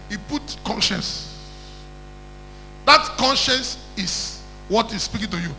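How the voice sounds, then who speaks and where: A man's voice: high-pitched, animated, unhurried, bright, forceful tone, faint music behind, low-quality recording. A man preaching an emphatic call-and-response sermon who repeats phrases and calls for hallelujah.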